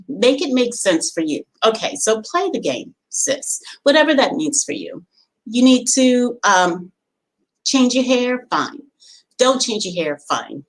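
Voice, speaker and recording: A woman's voice: mid-range voice, rough recording. Woman, business coach; emphatic motivational talk, repeats her points. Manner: emphatic, repetitive exhortations.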